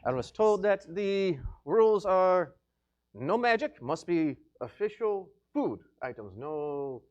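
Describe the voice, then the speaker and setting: Animated man running a tabletop game. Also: high-pitched, takes it slowly, lo-fi sound. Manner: laughs often while narrating. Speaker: game master. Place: remote video call.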